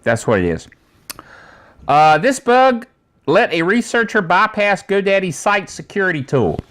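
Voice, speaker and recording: A man's voice: high-pitched, sing-song, measured pace, a bit bright. A man hosting a casual tech news show, talking in a rambling, chatty way with many asides.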